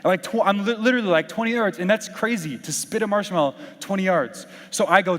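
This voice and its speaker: A young man giving a youth sermon, mixing Bible verses with casual, animated storytelling and acted-out quotes. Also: on the high side, quick pace, hardly any pauses. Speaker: youth pastor. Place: large hall with audience. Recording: reverberant hall.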